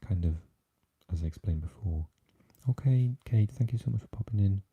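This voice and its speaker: A Welsh man hosting a whispered ASMR live chat, talking softly and haltingly with lots of fillers as he answers viewers. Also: lowish voice, expressive, slightly rough, phone-quality sound. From Wales. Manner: soft and halting, with many fillers, chatting with viewers. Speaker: ASMR livestream host.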